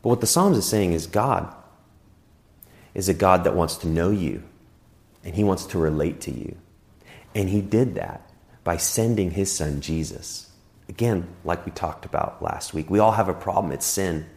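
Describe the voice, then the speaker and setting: A man preaching a sermon in a church, earnest, swinging between rising emphasis and quiet, slow prayer lines. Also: sits low. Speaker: pastor.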